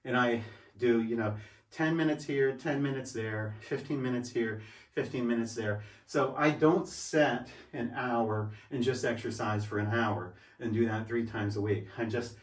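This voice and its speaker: A man's voice: medium pitch, measured pace. A sixty-year-old man, slightly winded, speaks from some distance off the mic in a roomy home space. He drives his points home by repeating them as he shows how things work. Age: 60s. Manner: emphatic, repeats points, demonstrates while talking. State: out of breath. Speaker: fitness vlogger. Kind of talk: casual vlog talk. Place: room at home.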